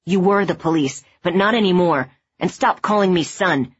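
A woman's voice: lowish voice, moderate pace, breathy edge, lo-fi sound. A woman doing a curt, angry young man. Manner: curt, firm.

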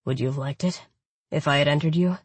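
A woman voicing a smug, confident male lover in an audiobook, with a low, sultry, teasing delivery and a husky tone. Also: fairly even intonation, a little fast, darkish tone, no echo.

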